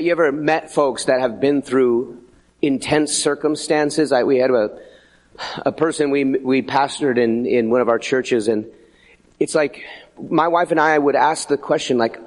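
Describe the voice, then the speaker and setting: A middle-aged man preaching a sermon as pastor, animated and conversational, slipping into acted asides. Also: medium pitch.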